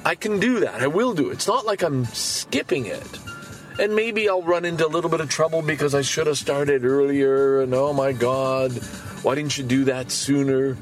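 A man of sixty-five hosting his podcast in a casual monologue, swinging from quiet musing to loud, cursing outbursts and repeating words to drive a point home. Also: mid-range voice, normal speed, faint music behind. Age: 60s. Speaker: podcast host.

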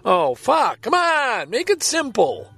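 A man's voice: extremely high pitch, huge pitch swings, takes it slowly, gravelly, fairly bright tone, husky. An older man telling a rambling, profane story from his parked car, stammering and exasperated. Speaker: podcast host. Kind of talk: rambling personal anecdote.

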